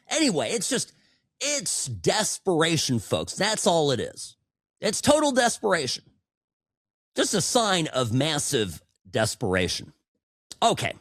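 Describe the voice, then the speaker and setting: A man's voice: mid-range voice, very animated, measured pace, fairly bright tone, no room sound. A man hosting a political talk podcast, delivering a sarcastic monologue that often stumbles and repeats words, into a studio microphone. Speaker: podcast host.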